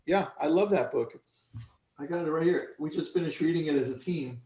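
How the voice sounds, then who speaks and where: A man's voice: fairly high pitch, brisk, dark tone, roomy sound. A man hosting a webinar over a video call, casual and enthusiastic. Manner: enthusiastic, laid-back. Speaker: webinar host. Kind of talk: casual chat.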